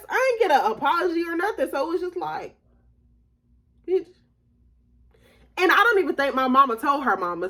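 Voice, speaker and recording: A young woman in casual storytime mode, her voice pitched a little high. She is chatty and slangy, talks straight to her viewers as y'all, and laughs often as she tells it. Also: very animated, a little fast, pauses often, a bit bright. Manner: laughs often while telling. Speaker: vlogger telling a story.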